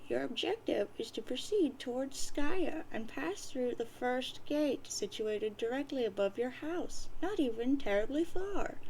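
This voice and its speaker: A woman's voice: on the high side, a little mellow, slight background noise, poor audio. Woman doing a sweet old ghost granny. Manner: sweet, theatrical, calls listener dear. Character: doting elderly grandmother ghost sprite, cryptic.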